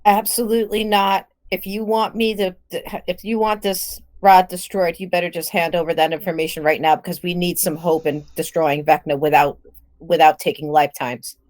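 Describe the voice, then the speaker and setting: A woman's voice: lowish voice, level tone, normal speed, darkish tone. A woman playing a tabletop game in character, speaking in a firm, bargaining way. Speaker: player.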